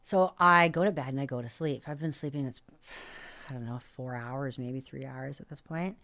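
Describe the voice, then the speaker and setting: Low-pitched canadian-born woman telling a wild story on a podcast, lots of "like" and cursing. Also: normal speed. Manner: animated, swears freely, many fillers. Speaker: podcast guest. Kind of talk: casual storytelling.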